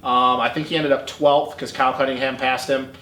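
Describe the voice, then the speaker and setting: Fast-talking man in an echoey room. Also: medium pitch, little pitch movement, pushed and bright. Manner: swearing, laughing, rambling. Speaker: podcast co-host. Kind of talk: casual chat. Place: home studio. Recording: echoey room with faint noise.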